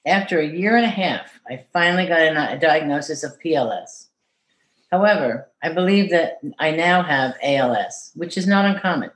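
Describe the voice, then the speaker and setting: A woman caregiver reading a letter aloud in an earnest, measured way, then answering interview questions. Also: lowish voice. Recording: echoey room.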